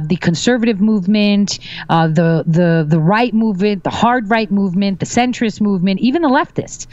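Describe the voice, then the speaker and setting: A woman's voice: medium pitch, darkish tone, no echo, muffled recording. A woman guest on a talk show, speaking in casual chat with assertive, confident claims.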